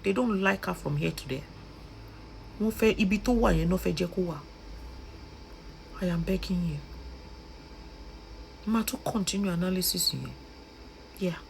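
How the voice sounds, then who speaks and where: A woman's voice: fairly low pitch, moderate pace, creaky, long pauses, darkish tone, a little hiss or hum, low-quality recording. A young woman with a Nigerian Yoruba accent giving emotional vlog commentary, pleading and scolding by turns. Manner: impassioned, switching between pleading and scolding. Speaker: social media commentator.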